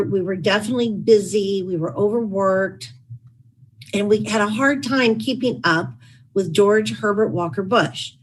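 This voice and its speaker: At a public talk, a middle-aged woman who is an author and former chief of staff reads dry-humored anecdotes from her own book, adding wry asides. Her voice is mid-range, and the recording quality is low.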